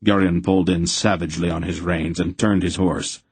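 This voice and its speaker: Male audiobook narrator, very deep voice, husky, dry close recording, measured. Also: level tone, no echo. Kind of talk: scripted narration.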